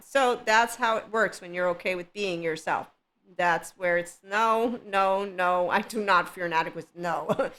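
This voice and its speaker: A woman's voice: fairly low pitch, measured pace, a bit bright. A woman hosting a podcast, talking in a rambling, casual monologue about spirituality, laughing often and making sarcastic asides. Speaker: podcast host.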